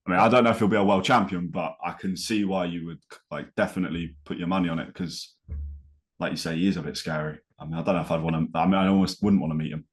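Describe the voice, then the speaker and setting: A male host interviewing a guest, relaxed and a little hesitant, often restarting his sentences. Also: low voice, quick pace. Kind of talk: casual interview chat.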